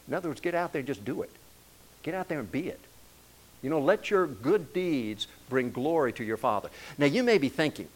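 A man's voice: medium pitch, expressive, fairly quick, poor audio. A man preaching a sermon as pastor, telling stories in a loose, conversational way with frequent restarts.

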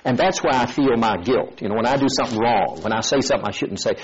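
A man delivers a sermon, weaving in a story and putting on the characters' voices with animated energy. His voice is slightly husky, at a middling pitch. The recording sounds dull and lo-fi. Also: quick pace. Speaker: preacher.

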